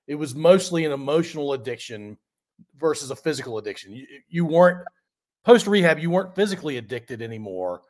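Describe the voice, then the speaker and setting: A man hosting a podcast interview, summing up his guest's words before asking his questions. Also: fairly high pitch. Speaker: podcast host.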